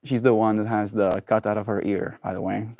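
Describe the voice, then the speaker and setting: A man's voice: little pitch movement, brisk, a little mellow, dry recording, clean studio sound. Playful man chatting on a livestream. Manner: rambling and playful, with high baby talk to his pets. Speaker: daily livestreamer. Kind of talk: casual livestream chat.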